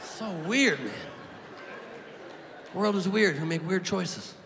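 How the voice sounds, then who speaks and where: A man doing a stand-up comedy set on a club stage, animated and shouting his punchlines over audience laughter. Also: sits high. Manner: animated, shouting punchlines, quick asides to the crowd. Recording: live room with long reverb, crowd noise.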